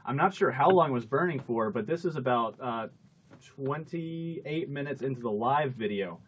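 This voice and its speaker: A man's voice: mid-range voice, lively intonation, normal speed, a little hiss or hum. A man hosting a casual group chat show, talking in a rambling, chatty way and laughing often. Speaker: show host.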